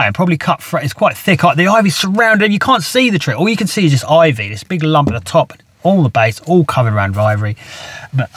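A man's voice: medium pitch, husky, no echo. A middle-aged man, telling a gardening story in a chatty, rambling, self-mocking way with frequent laughs. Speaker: gardener telling work stories. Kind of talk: casual storytelling.

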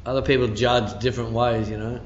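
With a medium-pitched voice that barely moves, a male pastor talks briskly through a midweek teaching in a church hall. He's emphatic and conversational, prone to asides and "you know," and the dull, echoey audio carries a little hiss or hum.

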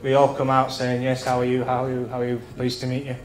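A man in his thirties spins bawdy after-dinner anecdotes, swearing freely and acting out the people in his stories. His voice sits at a middling pitch. It rings around a roomy function hall over a faint murmur of ambience. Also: completely flat delivery, quick pace, a little hiss or hum. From England. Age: 30s.

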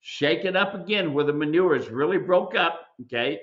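A man's voice: fairly high pitch, expressive, moderate pace, muffled recording. A man who owns a mule ranch, hosting a live Q&A and lecturing viewers in an emphatic, folksy way. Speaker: mule ranch owner and show host. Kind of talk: live video Q&A commentary.

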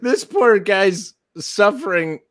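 Male co-host, slow and very animated in pitch, quick to laugh. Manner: laughs often, short agreeing interjections. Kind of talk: casual chat.

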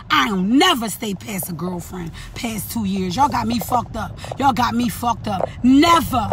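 A woman, stuffy from an allergy cold, telling a profane, animated storytime rant in her daily vlog segment, cussing and laughing at her own story. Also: fairly high pitch, unhurried, hardly any pauses, background noise. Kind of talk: profane, ranting storytime monologue.

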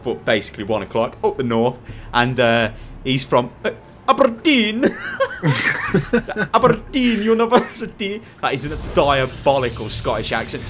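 Male shoutcaster, playful, laughs a lot, high yelps, faint music behind. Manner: jokey, bursts into laughter and high-pitched yelps. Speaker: esports commentator. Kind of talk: playful game commentary.

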